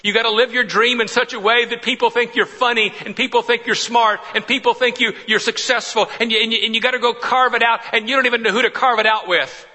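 Impassioned high-voiced male preacher. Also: steady tone, fast, hardly any pauses. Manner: impassioned, swings from loud pleading to hushed near-whispers. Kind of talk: sermon.

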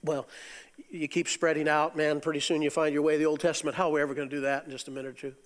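A middle-aged man delivers a sermon in a bright, high voice that leaps from loud exclamations to hushed asides. His words ring out with a long reverb, as if in a large church sanctuary. He chuckles now and then as he preaches. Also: little pitch movement, rapid-fire.

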